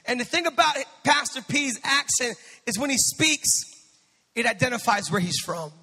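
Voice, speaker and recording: A male pastor delivers an impassioned sermon in a very high, gravelly voice, building to shouts and tossing quips to his congregation. His bright tone rings out through a long-reverberating church hall. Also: animated, normal speed, faint music behind. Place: church sanctuary.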